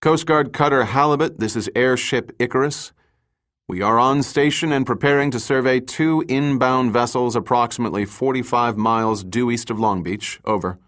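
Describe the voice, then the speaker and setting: A man's voice: mid-range voice, moderate pace, a bit bright, close to an everyday voice. A man voicing a male airship pilot calling over the radio in clipped, formal radio procedure.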